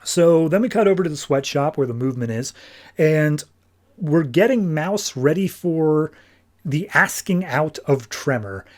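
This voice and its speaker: A man's voice: a little high, animated, measured pace, darkish tone. A man hosting a casual comics podcast, talking in a rambling, offhand way full of fillers. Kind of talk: casual comic book review.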